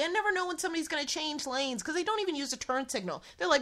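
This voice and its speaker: A woman's voice: high-pitched, very fast, few pauses. A woman from the Midwest co-hosting a casual chat, sarcastic and playful. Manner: animated, sarcastic, playful impressions. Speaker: podcast co-host. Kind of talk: casual chat recapping a dating show.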